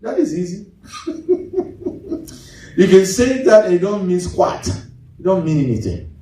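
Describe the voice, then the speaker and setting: A man preaching a sermon as pastor, swinging his pitch sharply and mimicking congregants. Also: very animated, normal speed, dark tone. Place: large church hall. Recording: echoey hall, mic at a distance.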